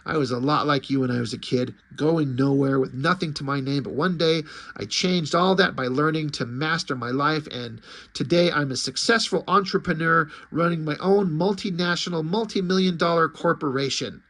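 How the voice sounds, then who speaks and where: A man reading the lines of a smug motivational guru in a comic, with a salesy, upbeat pitch. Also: normal speed, a bit bright. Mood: boastful.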